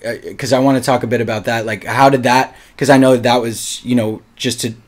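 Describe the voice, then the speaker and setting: A man hosting a podcast in relaxed, casual chat, often filling his talk with "like" and "dude.". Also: mid-range voice, brisk. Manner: relaxed, chatty, says "dude" and "like" a lot. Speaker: podcast host.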